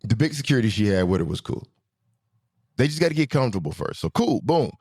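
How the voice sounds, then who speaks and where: A man hosting his own show, telling stories in a slangy, animated way, swinging between excited high bits and low asides. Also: quick pace, husky. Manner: slangy, swearing, self-correcting. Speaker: podcast host. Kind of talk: casual storytelling monologue.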